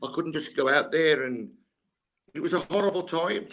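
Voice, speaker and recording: A man's voice: fairly high pitch, normal speed, a bit bright. An older man, a guest sports coach telling blunt, candid stories and swearing freely. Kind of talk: candid storytelling chat.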